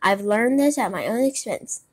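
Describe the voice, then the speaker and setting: A woman voicing Pinocchio, an eager, naive young puppet boy, in a raised, excited voice in a storybook reading. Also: normal speed, husky. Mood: earnest. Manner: high, excited and pleading.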